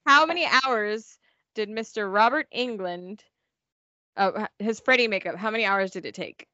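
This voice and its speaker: Deadpan, sarcastic woman. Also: medium pitch, moderate pace, no echo. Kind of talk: casual chat. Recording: dry, dull lo-fi audio.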